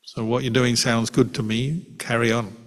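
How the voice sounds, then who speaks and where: Calm monk teaching in a reverberant hall. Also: male voice, medium pitch. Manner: calm, unhurried, reassuring, with pauses. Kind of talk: answering questions in a dharma talk.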